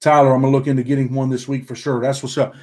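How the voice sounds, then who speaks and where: Originally from upstate New York, this man picked up a Southern country twang after many years down south. Racing along at an ordinary middle pitch, he hosts a relaxed livestream, reads chat aloud and ends almost every sentence with "man".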